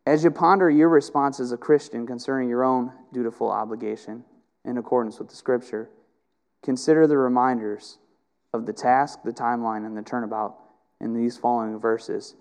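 A middle-aged man preaching a sermon with passion, rising to loud emphatic peaks and dropping to quiet, intimate stretches. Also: medium pitch, steady tone, moderate pace, clear, resonant tone. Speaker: pastor.

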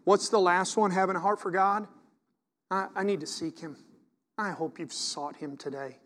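High-voiced pastor preaching with fervor. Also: male voice, normal speed, in a large hall. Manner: animated preaching, reads scripture aloud, swings from loud to quiet. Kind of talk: sermon.

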